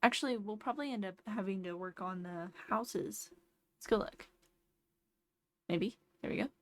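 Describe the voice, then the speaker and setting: A woman's voice: mid-range voice, normal speed. A tired woman streamer chatting casually while playing a game, thinking aloud and explaining tips. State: sleepy. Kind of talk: casual gameplay commentary.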